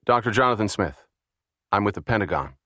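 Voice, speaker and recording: A man reading the lines of a calm, wry male scientist in measured speech in an audiobook. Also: on the low side, dry recording, clean studio sound. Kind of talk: audiobook character voice.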